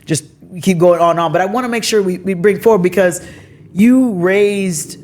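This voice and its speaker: A middle-aged woman hosting a casual, heartfelt conversation, telling stories with animated swings in her voice. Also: normal speed. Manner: animated storytelling, expressive pitch swings. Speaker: podcast host.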